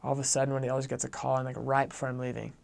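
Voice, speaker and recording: A man's voice: mid-range voice, little pitch movement, rapid-fire, gravelly. A young man, a returned missionary, telling a personal story earnestly and acting out the dialogue of the people in it. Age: young adult. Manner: earnest, acts out quoted dialogue.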